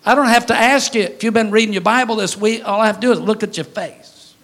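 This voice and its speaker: A high-pitched man preaching a sermon from the pulpit. His delivery is folksy and joking, and he breaks into sudden loud shouts. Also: fast. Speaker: pastor.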